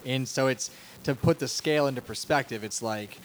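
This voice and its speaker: A young man, the creator and co-host of a podcast, chats casually in a mid-range voice at a slightly quick clip. He's laid-back and rambling, slipping into joke accents now and then, with faint noise in the background.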